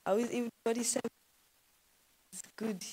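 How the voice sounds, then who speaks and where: A woman's voice: on the high side, steady tone, normal speed, warm tone, a little hiss or hum, low-quality recording. Earnest woman preaching. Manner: earnest, conversational, hesitant. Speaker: youth speaker at church. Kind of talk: informal sermon. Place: church.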